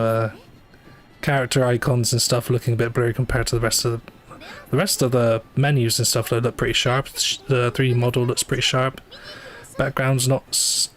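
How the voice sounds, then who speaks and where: Faint game music plays behind this mid-range male voice as a livestreamer offers casual commentary on the gacha game he's playing. His talk wanders, full of fillers, self-corrections and dry asides.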